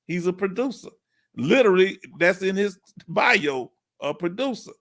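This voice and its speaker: High-voiced host working the chat. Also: male voice. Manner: animated, drawn-out emphasis, questions to viewers. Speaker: live stream host. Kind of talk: casual live-stream chat.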